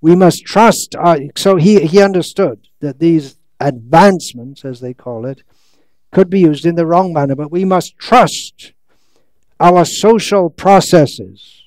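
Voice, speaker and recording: A man lecturing on scripture with a high, smooth and clear voice. He talks slowly and stretches his words as he reads quotes, then slips into dry, sarcastic asides. The sound is close and dry, with no room echo. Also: darkish tone. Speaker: monk lecturer. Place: lecture hall in India.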